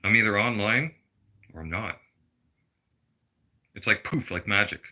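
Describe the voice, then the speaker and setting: A man's voice: fairly low pitch, measured pace, bright, forceful tone. A man, delivering a blunt, heated political rant full of swearing. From Canada. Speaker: vlogger.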